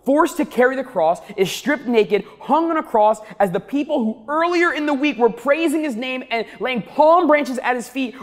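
A pastor delivers a sermon in an emphatic style, dropping his pace to land key words. His voice sits high for a man. The sound carries the long reverb of a large church sanctuary. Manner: emphatic preaching, slows down to stress key words.

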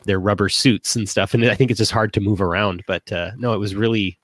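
Canadian guy cohosting a stream, lowish voice, dry close sound, lots of ums and laughs. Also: fairly even intonation, brisk, fairly bright tone, no room sound. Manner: chatty, laughing, many fillers and restarts. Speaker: podcast co-host. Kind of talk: casual live-stream chat.

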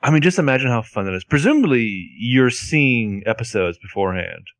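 A man's voice: mid-range voice, sing-song, brisk, no echo. A man co-hosting a casual chat about a TV show, making wry, joking asides. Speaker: podcast co-host.

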